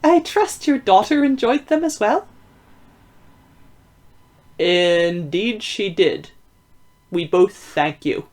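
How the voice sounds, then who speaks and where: Woman reader, steady audiobook narration, medium pitch, even storytelling delivery.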